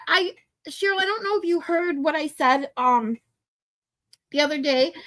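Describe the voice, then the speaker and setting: A high-voiced woman hosting a casual livestream, venting in a worked-up rant full of swearing. Between outbursts she chats directly with her viewers and answers their messages. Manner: worked-up, profane, swears freely; chatty, reads and answers chat. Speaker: livestream host.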